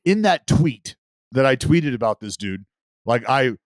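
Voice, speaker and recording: A man's voice: medium pitch, lively intonation, unhurried, dry recording. A man co-hosting a podcast, arguing bluntly and cursing freely in casual banter. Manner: argumentative, profane, retells stories with acted quotes. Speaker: podcast co-host.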